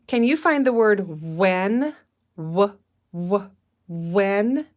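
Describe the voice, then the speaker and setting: Patient and deliberate, this woman teaches young children in a guided reading lesson, having them say and spell words aloud. Her voice is medium in pitch and expressive.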